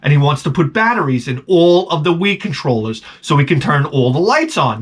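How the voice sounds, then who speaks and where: A middle-aged man hosting a video, telling a casual, rambling story to camera with jokes and sudden excited jumps in his voice. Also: a little high, fairly quick, hardly any pauses, breathy edge. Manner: rambling and jokey, voice jumping up when excited. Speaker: video host.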